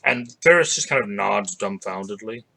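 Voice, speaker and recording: A man's voice: fairly low pitch, animated, normal speed, gravelly, pushed and bright, a little hiss or hum, poor audio. A man narrating as game master of a tabletop game, rambling and hesitant, with many fillers.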